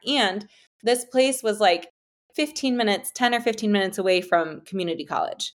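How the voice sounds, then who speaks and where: A woman guest telling a personal story in a casual, animated, chatty way. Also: medium pitch, moderate pace. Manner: animated, chatty, heavy use of "like" and "you know".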